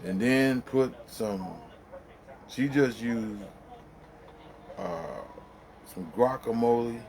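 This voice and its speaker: A man's voice: mid-range voice, extremely slow, darkish tone. A middle-aged man telling a long personal story in casual, rambling, colloquial talk, with many fillers and bursts of laughter. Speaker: vlogger.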